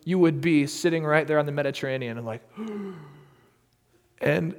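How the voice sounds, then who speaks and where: An American missionary storyteller spins a casual tale with animation, laughing often and using lots of fillers. His voice is on the high side and unhurried, trailed by a long reverb.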